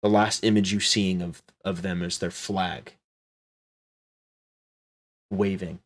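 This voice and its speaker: A man narrating a tabletop game as game master, slow and dramatic, dropping to hushed tones. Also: low-pitched, level tone.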